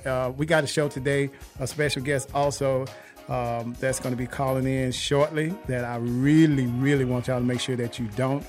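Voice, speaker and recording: A man hosting a radio talk show, talking excitedly and repeating himself, often laughing. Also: mid-range voice, moderate pace, faint music behind. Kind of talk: casual radio chat.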